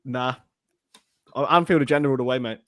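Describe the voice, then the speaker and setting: Man, podcast co-host, upbeat, easygoing, mid-pitched voice, dry close sound. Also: fairly even intonation, fairly quick, fairly bright tone, no room sound. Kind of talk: casual football chat.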